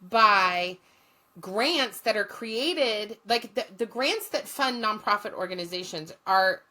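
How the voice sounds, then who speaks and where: Blunt, passionate woman with a bright voice. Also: medium pitch, lively intonation, takes it slowly, slight background noise. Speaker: guest; former social work teacher. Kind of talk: storytelling in conversation.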